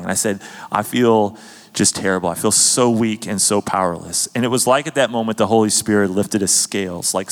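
Man, host, earnest storytelling, lowish voice, long reverb. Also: a bit bright. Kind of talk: casual faith testimony.

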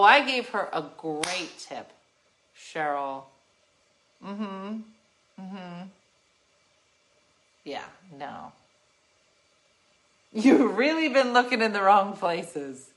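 A middle-aged woman telling a story to her livestream viewers in an animated, sassy way, laughing often. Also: mid-range voice, takes it slowly, pauses often. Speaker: livestream host.

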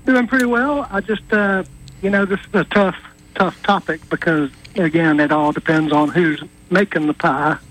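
A man calling in to a radio show. He talks in a rambling, hesitant way, with a slightly high voice. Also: moderate pace, a bit bright, poor audio. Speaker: caller. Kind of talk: call-in radio chat.

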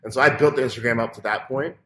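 A man, a restaurant owner, chatting casually as a podcast guest, loose and full of fillers, often trailing off quietly. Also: medium pitch, very fast, a little hiss or hum. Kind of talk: casual interview chat.

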